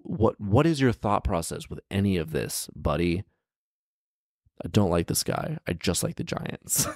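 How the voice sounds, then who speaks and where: A man's voice: on the low side, no echo, studio quality. A man reading a fairy tale aloud with sarcastic, exasperated comedic commentary. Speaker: storyteller and podcast host.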